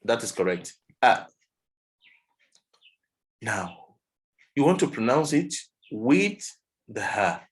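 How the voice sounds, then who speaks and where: A man's voice: mid-range voice, very animated, measured pace, rough recording. A man teaching pronunciation in a one-on-one online lesson, patiently modelling sounds for the student to repeat.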